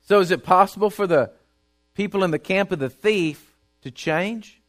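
High-voiced man preaching emphatically. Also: moderate pace, a bit bright. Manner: emphatic, repetitive, folksy. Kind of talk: sermon with Bible reading.

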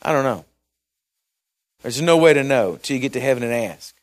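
A man preaching a sermon in a conversational, folksy way, with asides and repeated words, swinging between loud emphasis and quiet mumbling. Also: medium pitch, animated, moderate pace. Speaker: pastor.

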